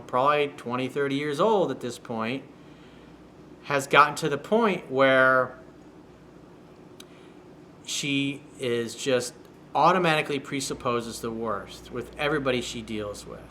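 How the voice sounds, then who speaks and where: A man's voice: mid-range voice, measured pace, fairly bright tone, slight background noise. A man giving dating advice as a coach, reading out a viewer's email and answering it in a blunt, profane, sarcastic way. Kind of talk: solo video newsletter commentary. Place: home room with workers outside the window.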